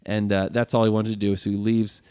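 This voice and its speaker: A man's voice: fairly low pitch, a little fast, clear, resonant tone, no echo, studio quality. Man animatedly recapping a movie. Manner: animated storyteller, acts out lines with laughs. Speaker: podcast co-host. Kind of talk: casual movie recap chat.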